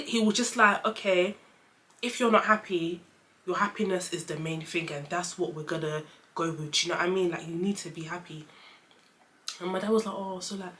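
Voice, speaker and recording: Bright chatty young woman. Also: on the low side. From London, England. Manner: chatty, lots of fillers, acts out dialogue in quick voices. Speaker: vlogger. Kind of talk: casual storytelling chat.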